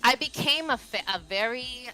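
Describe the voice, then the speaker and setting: Thirtysomething woman rambling thru stories, bright voice, faint music behind. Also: on the high side, moderate pace, rough recording. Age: 30s. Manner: rambling, animated storytelling with fillers. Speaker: podcast guest. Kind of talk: casual podcast chat.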